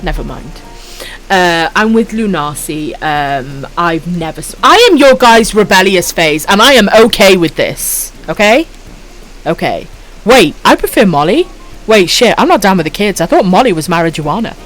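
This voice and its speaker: A lowish, very animated voice at normal speed, with faint music in the background. This Welsh woman in her thirties is casually streaming late at night, swearing freely, giggling, reading chat aloud and lovingly giving viewers pet names.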